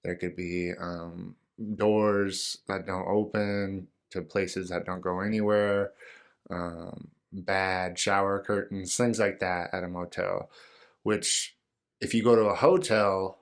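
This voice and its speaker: Low-voiced rambling male podcast host. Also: flat delivery, takes it slowly. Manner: rambling, joking, many fillers. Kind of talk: casual solo podcast talk.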